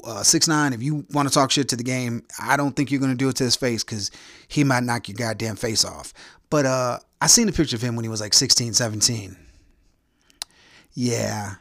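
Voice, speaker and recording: A man's voice: medium pitch, a bit bright, no echo, clean studio sound. A man hosting his own podcast, talking through a blunt, profane, provocative solo rant. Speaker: podcast host.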